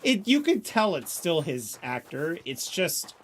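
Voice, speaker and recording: A man gives casual gameplay commentary, joking and chatting to himself as he plays. He talks at an unhurried pace. His pitch moves around a lot as he reacts. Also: big pitch swings, husky. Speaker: gameplay streamer.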